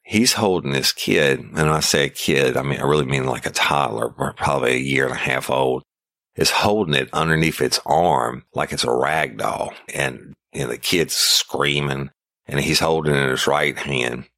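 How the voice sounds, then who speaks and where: A man's voice: rumbling low, normal speed, fairly bright tone, no room sound. A middle-aged man, a former deputy, bluntly and profanely telling a first-person story about a police call. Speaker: podcast host, former sheriff's deputy.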